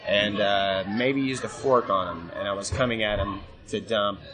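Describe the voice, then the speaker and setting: Recorded amid convention crowd chatter, a guest wrestler with a fairly low voice recounts a wild tale. He speaks at a normal speed with fairly even intonation, swearing casually and laughing a lot.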